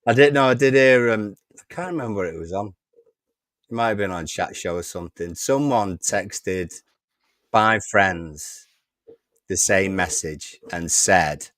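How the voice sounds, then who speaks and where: A man co-hosting a live fan show, talking in a relaxed, easygoing way. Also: on the low side, measured pace, dry recording, studio quality. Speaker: fan channel co-host. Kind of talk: casual live chat.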